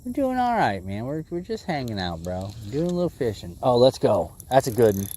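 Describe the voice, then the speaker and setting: A man livestreaming bass fishing from a boat on a lake, chatting with viewers in an easygoing way and talking excitedly to the fish as he reels it in. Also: fairly quick, a little hiss or hum. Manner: excitable, talks to the fish and chat. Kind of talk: casual live commentary while fishing.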